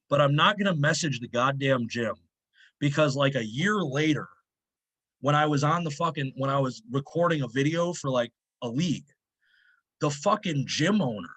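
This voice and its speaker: A man who is a powerlifter and strength coach, telling a story in a casual interview, swearing constantly and animated. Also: fairly high pitch, breathy edge.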